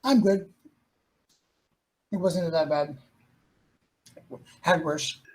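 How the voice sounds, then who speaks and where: Shaken character, a man pitching his voice up: terse, slow, clipped. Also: rough recording. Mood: brushing off.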